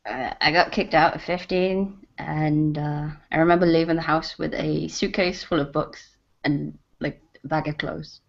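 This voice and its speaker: A woman with a fairly low voice talks in a deadpan, dry way as a guest on a livestream. The audio is dull and lo-fi. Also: a little slow, vocal fry. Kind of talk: casual group chat.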